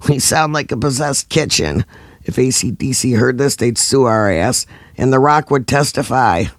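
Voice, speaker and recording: A man voicing a rowdy, sarcastic woman in a bonnet who shouts over the noise. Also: mid-range voice, expressive, moderate pace, no room sound, studio quality, voice pushed up, lightly acted. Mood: yelling.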